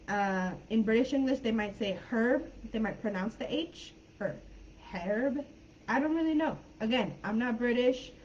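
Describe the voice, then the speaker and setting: A woman's voice: a little high, normal speed, hardly any pauses, a little mellow, dull audio, slight background noise. An American woman teaching English in a live online class, chatty and friendly, calling on students by name over a computer mic. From United States.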